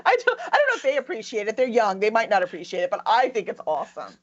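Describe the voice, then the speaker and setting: A woman's voice: a little high, wildly swooping pitch, quick pace, muffled recording. A woman hosting a podcast interview over a video call, chatty and enthusiastic, laughing often. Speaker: podcast host. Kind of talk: casual interview chat.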